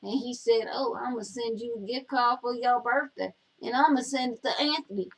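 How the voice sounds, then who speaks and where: A woman's voice: fairly high pitch, moderate pace, low-quality recording. A woman playing Daisy, a sassy, bossy Southern woman with a Southern US accent, co-hosting a comedy show and teasing her partner while reading viewer comments. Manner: scolding, bossy, animated storytelling. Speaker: co-host.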